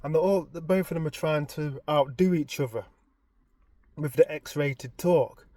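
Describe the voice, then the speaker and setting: A man, casually retelling a story in an animated, expressive way. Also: on the high side, unhurried, no echo. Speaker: vlogger.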